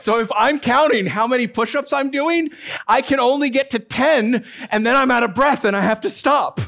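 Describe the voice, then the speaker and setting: A man's voice: sits high, a bit bright. A male pastor preaching a sermon in a conversational, playful way, with self-deprecating humor and emphatic repetitions.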